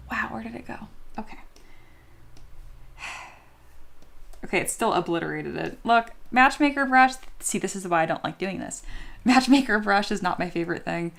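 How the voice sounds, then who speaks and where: A woman teaching 3D sculpting on a live stream, chatty and self-deprecating, laughing often and reading viewer comments aloud. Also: mid-range voice. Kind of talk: casual live-stream tutorial.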